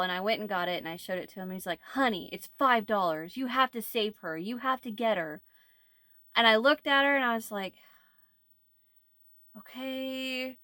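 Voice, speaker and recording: A woman's voice: medium pitch, a bit bright, no echo, clean studio sound. A woman chatting casually to camera as a crochet vlogger, rambling and laughing easily. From United States. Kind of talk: casual chat.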